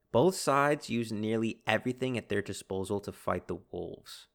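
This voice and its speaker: A man hosting a casual history podcast, telling the story with animated bursts and acted-out quotes. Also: fairly low pitch, moderate pace, vocal fry, few pauses. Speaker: podcast host.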